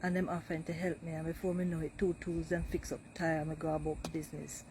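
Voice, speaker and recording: A woman's voice: deep voice, little pitch movement, fast, darkish tone, slight background noise, low-quality recording. A woman with a Jamaican accent, from Jamaica, casually telling stories about growing up there. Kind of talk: casual storytelling.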